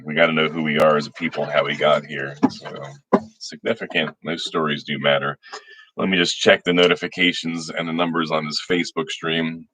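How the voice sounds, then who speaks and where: With a very deep, bright, forceful voice, the man keeps a level tone and talks fairly quickly. He's a middle-aged state senator on a livestream, folksily greeting viewers by name and often restarting what he says.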